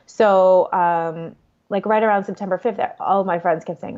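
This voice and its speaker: A woman in her forties telling her story as an interview guest, candid and quick, with lots of fillers. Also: lowish voice, steady tone, a little mellow. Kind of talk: conversational interview. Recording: dull lo-fi audio.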